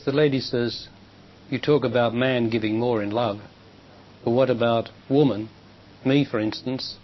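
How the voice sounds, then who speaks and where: A man giving a public spiritual talk and answering audience questions, measured and emphatic, in a dull lo-fi recording with faint hiss. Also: mid-range voice. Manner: measured, emphatic, rises sharply when quoting others. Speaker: spiritual teacher. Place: lecture hall with audience.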